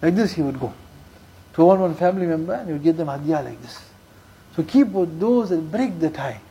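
A man with a high, husky voice delivers a sermon, telling stories and repeating key lines for emphasis. He mixes Urdu and Arabic religious terms into his English. His tone is dark and mellow. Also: expressive, rough recording. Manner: recites Quranic verses rapidly in Arabic. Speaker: Islamic preacher.

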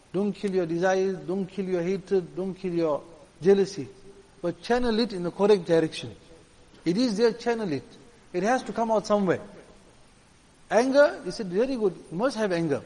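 A male preacher with a notably high-pitched voice delivers an earnest, emphatic sermon. He drives his points home by repeating phrases. His voice rings with a long reverb, as if it were recorded in a large hall. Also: darkish tone. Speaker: religious preacher.

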